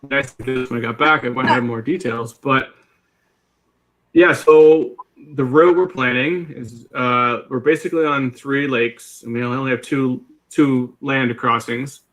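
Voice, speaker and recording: A man's voice: mid-range voice, steady tone, measured pace, a bit bright. A man on a casual panel chat describing a planned canoe route in a matter-of-fact way. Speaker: outdoors panelist.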